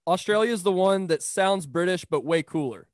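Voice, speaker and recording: Chill host dude asking questions, bit higher voice, dry close sound. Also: male voice, moderate pace, dry recording. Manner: easygoing, upbeat questioner. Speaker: podcast host. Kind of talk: casual podcast interview.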